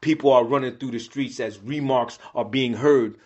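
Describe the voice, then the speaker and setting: A man's voice: medium pitch, normal speed, a little mellow. A man narrating a comic story in a dramatic storytelling manner, acting out each character.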